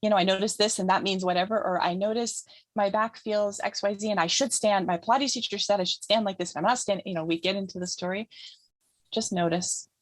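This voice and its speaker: A woman giving a calm, instructive talk about healing trauma as a guest speaker, often repeating phrases for emphasis. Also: mid-range voice, brisk, dry recording. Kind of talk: teaching talk in an interview.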